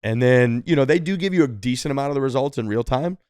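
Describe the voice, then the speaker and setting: A man's voice: mid-range voice, animated, fast, a little mellow, smooth, no room sound. A man co-hosting a podcast, telling a long story casually with lots of "like" and "dude" and quoting people in changed voices. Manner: rambling, lots of "like" and "dude", quotes others in different voices. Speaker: podcast co-host.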